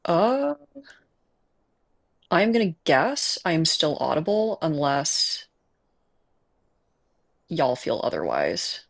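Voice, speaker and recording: A Midwest game streamer with a Chicago accent chats casually while playing, rambling with lots of fillers and self-aware laughs. The voice is medium in pitch, very animated and gravelly, delivered very slowly with frequent pauses. It's picked up through earbuds alongside a desk mic.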